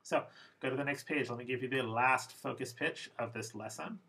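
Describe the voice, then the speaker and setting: A man teaching English pronunciation in a recorded lesson, explaining slowly and with deliberate emphasis. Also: mid-range voice, a bit bright, poor audio.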